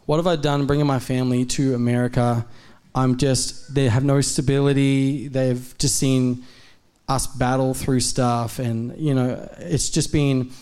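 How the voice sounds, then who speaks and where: A man preaching a sermon at a church service, spinning a personal story with lively energy. His voice sits at a middling pitch, and he slips into quick acted dialogue as he talks. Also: clean tone. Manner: animated, acts out quoted dialogue. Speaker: guest preacher.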